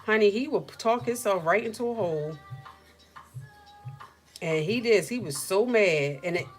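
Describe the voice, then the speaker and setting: A middle-aged woman hosting a casual livestream chat from home, telling stories in an animated, slangy way. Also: mid-range voice, measured pace, soft background music. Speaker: livestream host.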